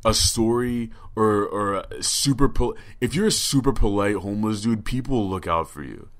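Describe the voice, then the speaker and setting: A man's voice: fairly low pitch, normal speed. A man telling a rambling, profane story on a casual podcast, stammering and restarting often. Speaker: podcast co-host.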